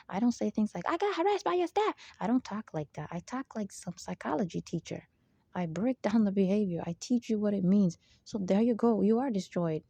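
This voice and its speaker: The woman running this channel has a creaky mid-range voice, dark in tone with a breathy edge, recorded dry. Her spiritual monologue is emphatic and digressive, packed with asides and frequent "there you go"s.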